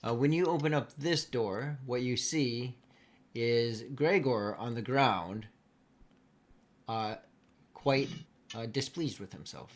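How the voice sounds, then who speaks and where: A man running a tabletop game as game master, narrating the scene unhurriedly with many pauses and filler sounds. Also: medium pitch.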